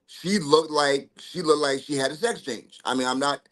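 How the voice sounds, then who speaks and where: A man's voice: a little high, normal speed, a bit bright. A man in a casual podcast chat, speaking candidly and hedging his words to avoid giving offense. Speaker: podcast co-host.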